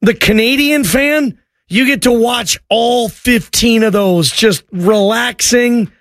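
High-pitched guy hosting sports radio, loose and jokey, dry studio sound. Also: slow pace, a bit bright, no echo. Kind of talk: casual sports talk radio.

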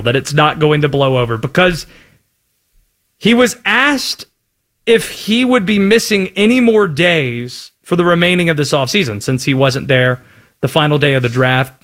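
A man with a high-pitched voice co-hosts a casual sports talk show. He argues his case with quick asides and dry pushback. He talks in an easy, conversational way. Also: a bit bright. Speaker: sports podcast co-host.

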